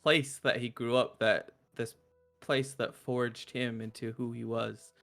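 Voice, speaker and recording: With a creaky, fairly bright mid-range voice, a man unhurriedly explains what his character is doing in a casual tabletop game. His tone stays level, his speech is hesitant and full of fillers, and soft music plays in the background.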